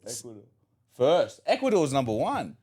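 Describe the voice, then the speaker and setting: A man's voice: medium pitch, wildly swooping pitch, moderate pace, a little mellow, husky. A man with an Australian accent in casual podcast banter, joking, laughing often and reading facts aloud.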